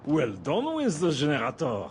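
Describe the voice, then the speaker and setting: A blunt, grumbling refuge keeper from a video game. His pitch swings widely from word to word. A faint background noise runs underneath. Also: huge pitch swings, normal speed. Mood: gruff.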